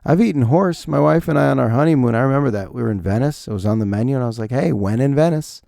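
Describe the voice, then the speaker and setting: A middle-aged man hosting a podcast, rambling through profane, animated comic stories on a close mic. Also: medium pitch, very fast, vocal fry, no room sound. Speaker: podcast host. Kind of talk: comedic podcast monologue.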